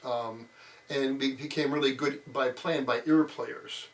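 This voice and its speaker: A little slow and steady, his mid-range voice carries childhood stories told by a man in his sixties in a casual interview. He rambles with many fillers, acting out quotes, and sounds a bit removed from the mic.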